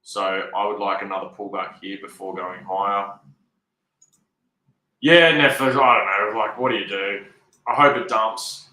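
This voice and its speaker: A man's voice: lowish voice, fairly even intonation, unhurried, sharp tone, reverberant, poor audio. A man rambling through casual, unscripted market commentary as a trader, swearing a lot and sounding frustrated. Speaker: trader talking through his charts.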